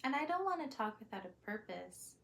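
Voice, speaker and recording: A young woman talking to camera in a reflective, casual vlog, soft and hesitant with many pauses and small laughs. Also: a little high, very animated, creaky. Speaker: vlogger.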